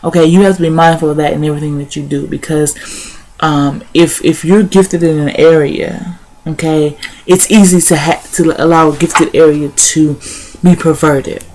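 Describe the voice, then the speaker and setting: A woman's voice: low voice, fairly even intonation, moderate pace, a little mellow, slight background noise. A young woman sharing her thoughts in a casual vlog, repeating words as she goes and dropping in "y'all" and "honey". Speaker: vlogger. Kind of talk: casual spoken reflection.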